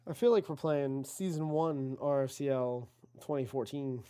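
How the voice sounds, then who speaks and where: A man's voice: medium pitch, normal speed, mellow, smooth. A man giving casual play-by-play commentary on an online video game football league, chatty and self-correcting, talking to his chat and rising on big plays.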